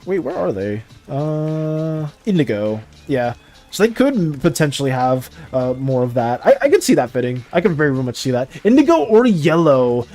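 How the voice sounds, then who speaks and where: Young male streamer, high, bouncy voice, rambling and apologetic, soft music underneath. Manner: animated, apologetic, rambling with frequent restarts and laughs. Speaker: art streamer chatting with viewers. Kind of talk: casual live-stream chat.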